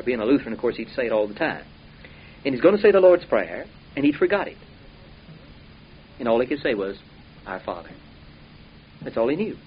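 A man preaches in a folksy, emphatic style, his voice swelling and then falling to a murmur. The recording sounds dull and lo-fi, with a faint hiss underneath. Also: mid-range voice. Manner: folksy, emphatic, rising and dropping volume. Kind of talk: sermon.

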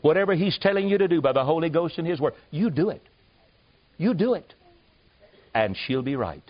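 An American man preaches a revival sermon at a church service. His voice sits a little high, and he tells stories, swells to loud emphatic peaks, then drops low. The recording is dull and lo-fi. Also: brisk. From United States.

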